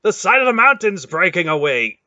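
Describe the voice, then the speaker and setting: A man voicing a fanatical male cave-dwelling zealot, giving sharp barked commands. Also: a little high, normal speed, dry recording, highs cut off, voice pushed up. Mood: urgent.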